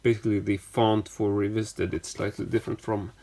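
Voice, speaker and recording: A man's voice: fairly low pitch, little pitch movement, brisk, warm tone. A man casually showing off items from his collection in a vlog, talking in a rambling way with lots of fillers and self-corrections.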